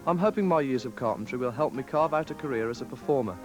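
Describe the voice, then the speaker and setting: A man's voice: medium pitch, lively intonation, fast. A man of twenty, giving a scripted, pun-filled voice-over introduction to himself. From West Midlands, England. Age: 20s. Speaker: talent show contestant. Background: music.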